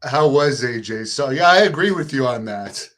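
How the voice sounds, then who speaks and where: A man's voice: medium pitch, animated, moderate pace, fairly bright tone. Laid-back male interviewer. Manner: brief, agreeable follow-up remarks. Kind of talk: casual interview questions.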